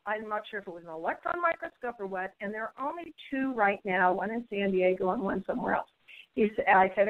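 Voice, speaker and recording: A woman's voice: medium pitch, fairly quick, narrow, tinny audio. Bubbly woman telling a story by phone. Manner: bubbly, animated storyteller who acts out quoted voices. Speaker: guest. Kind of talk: storytelling in a radio interview.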